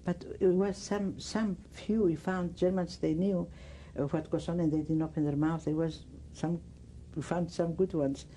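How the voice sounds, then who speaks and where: An older woman with a Greek accent, giving oral history testimony in halting speech, often searching for words. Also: on the low side, fairly even intonation, dark tone, slight background noise, rough recording. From Greece. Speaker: interviewee.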